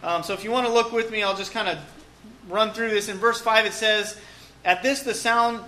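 High, bright-voiced male preacher. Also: fairly even intonation, brisk, a little hiss or hum. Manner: casual, joking, frequent "okay" and "um". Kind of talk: conversational sermon.

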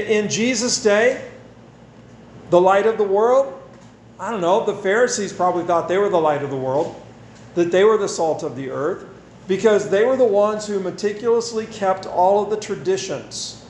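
A man with a fairly high voice preaches in a casual, down-home manner, circling back on his phrases to drive a point home. His words ring through an echoey room over a faint hiss. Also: normal speed, darkish tone. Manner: conversational and folksy, repeats phrases for emphasis. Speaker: pastor. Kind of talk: sermon with scripture reading and prayer.

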